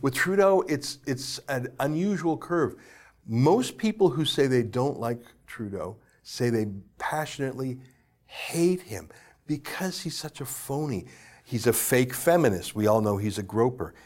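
A man's voice: medium pitch, moderate pace. A man giving opinionated political commentary in an emphatic, scornful way, with frequent restarts.

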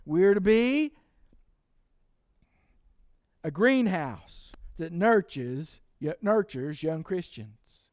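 A man's voice: high voice, expressive, slow pace, darkish tone, no echo, studio quality. A man preaching a sermon as pastor, emphatic and repeating key lines for the congregation to say with him.

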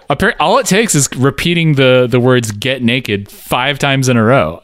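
A man co-hosting a casual music podcast, easygoing and quick to laugh at himself. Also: mid-range voice, a bit bright. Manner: laughs a lot, easygoing, self-mocking. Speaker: podcast co-host. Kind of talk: casual chat about music.

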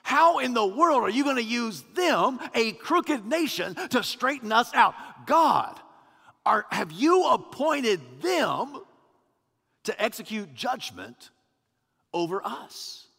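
A man voicing the prophet Habakkuk as an indignant man protesting to God, his voice rising into shouted complaint. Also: very high voice, big pitch swings, slow, gravelly, slightly rough, big-room sound, voice pushed up, full character voice.

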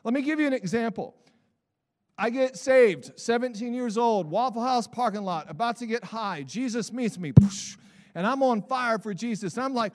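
A male pastor preaching to his congregation with a high, light voice. He swings between quiet, reflective asides and fired-up bursts, sometimes shouting a point home or mimicking people for effect. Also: moderate pace, big-room sound. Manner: animated preaching, builds to shouts, mock voices for examples. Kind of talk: sermon. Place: church sanctuary.

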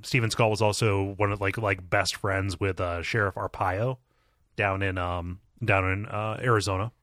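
A man's voice: on the low side, a bit bright, no room sound, studio quality. A man co-hosting a podcast in casual chat, rambling with many restarts and frequent laughter. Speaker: podcast co-host.

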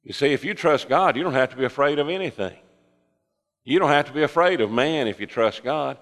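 An older man preaching a sermon, folksy with joking asides, swinging from impassioned fervor to hushed, quiet passages. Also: fairly high pitch, animated, brisk, in a large hall.

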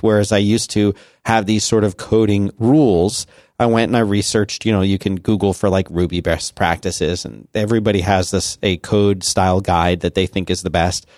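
A podcast co-host in his forties chats casually in a lowish, slightly mellow voice with fairly even intonation and normal speed. He rambles with lots of restarts and fillers, and the studio-quality recording has no echo.

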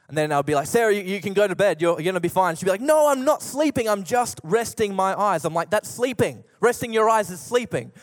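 A young man preaching in a high, bright voice, acting out little scenes as he tells them. His words ring through a church auditorium with a long, lingering reverb. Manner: animated storytelling preacher, acts out voices in anecdotes. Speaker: pastor. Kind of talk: sermon.

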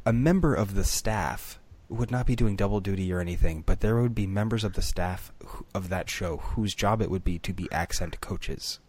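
A man's voice: deep voice, normal speed, darkish tone, slightly rough, no echo. A man co-hosting a casual podcast chat, telling rambling stories in an earnest way. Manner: chatty storyteller, earnest and rambling. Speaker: podcast co-host.

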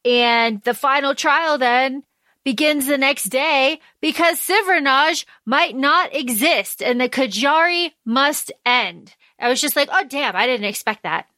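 A woman co-hosting a podcast, chatting casually as she recaps a novel and quotes its characters in lively voices. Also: sits high, measured pace, no room sound, studio quality. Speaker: podcast co-host. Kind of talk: casual book discussion.

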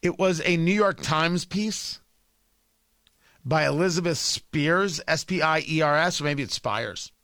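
A man's voice: on the high side, a little slow, pushed and bright, no room sound. Combative sarcastic male political host. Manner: sarcastic, combative, emphatic repetition. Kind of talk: opinionated political monologue.

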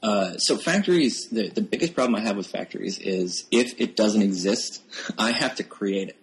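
A low-pitched man with a gravelly texture talks as a guest on a tech podcast. He speaks close to his microphone and often stumbles and restarts his sentences. He is wry and self-deprecating about his work. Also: expressive, moderate pace, rough recording. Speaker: podcast guest, software developer. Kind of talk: casual tech podcast chat. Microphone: new close microphone.

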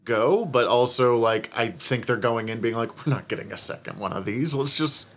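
A man's voice: medium pitch, moderate pace, fairly bright tone. A man co-hosting a casual movie podcast, rambling and correcting himself as he talks. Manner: rambling, self-correcting, laughs often. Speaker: podcast co-host. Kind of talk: casual chat.

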